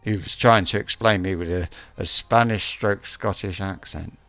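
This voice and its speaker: A man's voice: low voice, moderate pace, bright, forceful tone, no room sound, soft background music. A man streaming a game live, chatting casually in a rambling, hesitant way with lots of restarts.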